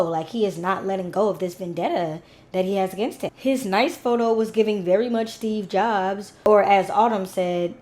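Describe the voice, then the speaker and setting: A woman's voice: mid-range voice, a little mellow. A young woman chatting casually as a recap vlogger, rambling with asides to her viewers.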